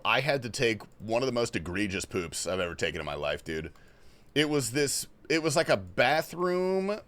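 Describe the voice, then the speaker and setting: Lively-voiced young man streaming. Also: medium pitch. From Australia. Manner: reads chat questions aloud and answers loosely, swearing often. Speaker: livestream host. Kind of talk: casual gaming stream chat. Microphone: headphones and desk mic.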